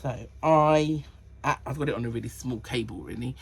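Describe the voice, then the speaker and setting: A woman's voice: extremely low pitch, normal speed, gravelly, slightly rough. A woman hosting a knitting podcast, chatting casually about her projects and counting rows and sizes under her breath. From Cornwall. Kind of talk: casual chat.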